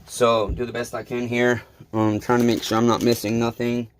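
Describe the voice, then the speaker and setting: A man's voice: medium pitch, completely flat delivery, moderate pace, slight background noise. A man talking casually to his viewers while he repairs a chainsaw, blunt and self-deprecating, with rambling asides. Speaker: small engine repair vlogger.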